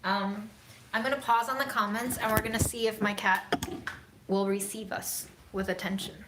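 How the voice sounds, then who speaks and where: A woman's voice: mid-range voice, moderate pace. Musing woman in an echoey room. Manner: relaxed and musing, with many "um"s and some half-whispered asides. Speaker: livestream host answering viewer comments. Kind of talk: casual chat. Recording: echoey room with faint ambient noise.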